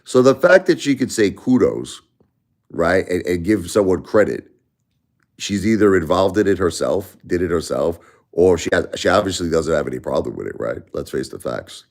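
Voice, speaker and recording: A middle-aged man vents to his live-stream audience. His voice sits very low, and he circles back over the same points with stammering restarts. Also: very animated, moderate pace, a little mellow. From Brooklyn, New York. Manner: ranting, repetitive, stammering restarts. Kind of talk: casual live-stream rant.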